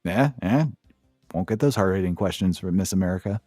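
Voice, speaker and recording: A man's voice: sits low, steady tone, quick pace, warm tone, no room sound, studio quality, faint music behind. Sarcastic, profane man recapping. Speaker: podcast co-host. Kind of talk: casual recap chat.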